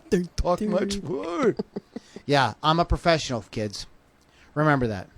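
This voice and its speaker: A man's voice: high-pitched, huge pitch swings, slow, gravelly, no room sound. Joking, rambling male podcast host. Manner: joking, rambling, self-correcting. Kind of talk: casual livestream chat. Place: home studio with a fan running.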